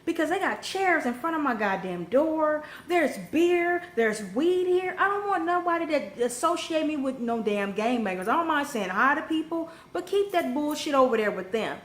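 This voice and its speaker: A young woman with a fairly high voice tells a story straight to camera, blunt and cussing freely, her voice jumping up whenever she gets worked up. The sound bounces around an echoey room at home, with a faint hiss behind her. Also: moderate pace, few pauses. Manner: blunt, profane, animated storytelling with sudden rises. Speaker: vlogger telling a personal story. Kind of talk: casual storytime monologue.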